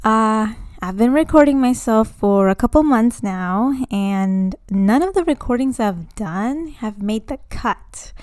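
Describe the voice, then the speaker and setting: A young woman hosting her first casual podcast from home, chatty and excitedly nervous, with many fillers. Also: a little high, measured pace, few pauses, no room sound, clean studio sound. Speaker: podcast host. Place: home room, indoors. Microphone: home microphone.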